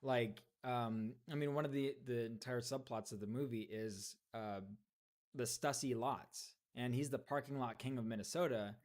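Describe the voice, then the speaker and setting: A man's voice: mid-range voice, normal speed, a little mellow. A man co-hosting a podcast, talking enthusiastically about favorite details of a TV show. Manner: enthusiastic, quotes scenes in character. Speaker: podcast co-host. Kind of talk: casual chat.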